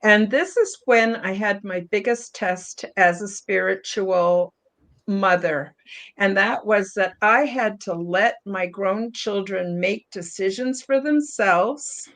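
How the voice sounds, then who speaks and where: A middle-aged woman speaking on a spiritual panel discussion, emotional and near tears, apologizing and talking warmly with many fillers. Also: mid-range voice, slow. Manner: heartfelt, apologetic, chatty with fillers. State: tearful, emotional. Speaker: panel guest.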